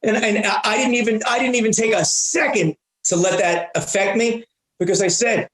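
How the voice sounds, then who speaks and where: As a guest in a relaxed interview, a fifties-aged comedian speaks in a high, fairly bright voice with fairly even intonation. He is blunt and a little profane, stopping and restarting often. The room echoes noticeably.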